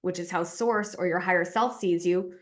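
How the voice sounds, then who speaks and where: A woman giving a spiritual coaching talk, animated and acting out inner voices as she explains. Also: lowish voice, moderate pace.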